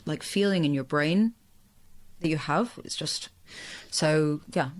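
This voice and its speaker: A woman's voice: low-pitched, slow pace. A woman guest on a podcast, chatting casually, laughing often, with many fillers. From England. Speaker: podcast guest, marketing agency founder. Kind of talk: casual conversational interview.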